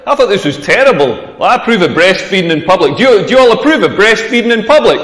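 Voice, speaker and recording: A man's voice: high voice, very animated, fast, fairly bright tone. A man doing a stand-up comedy set, chatty and crude, working the crowd. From Scotland. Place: comedy club stage. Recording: roomy club hall with long reverb.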